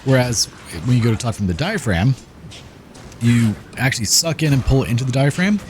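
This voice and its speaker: A man hosting a gaming channel, chatting in a relaxed, rambling way as he comments over gameplay. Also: mid-range voice, brisk, slight background noise. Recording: game music playing behind. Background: game music.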